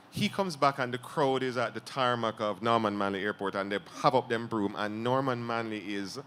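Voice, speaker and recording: A Jamaican-accented man talks with a writer in a conversational literary-event interview, his mid-range voice fairly bright against a little hiss or hum. He's thoughtful, quick to laugh, and poses long questions.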